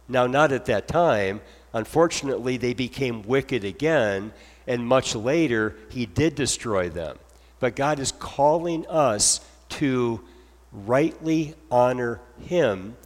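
A man's voice: fairly high pitch, long reverb tail. A man preaching an earnest sermon as pastor, moving from scripture into heartfelt spoken prayer.

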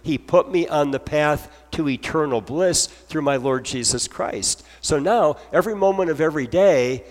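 Guy preaching a sermon, kinda high voice, earnest, big reverb like a church hall. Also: moderate pace, hardly any pauses. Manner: earnest preaching, voices heartfelt prayers aloud. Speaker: pastor.

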